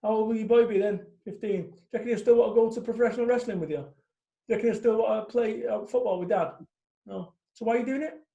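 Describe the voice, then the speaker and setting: A man's voice: high voice, fast talker, vocal fry, mellow, dull audio. A man in his forties, a guest speaker talking bluntly and animatedly in a casual interview, swearing freely. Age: 40s. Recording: echoey room.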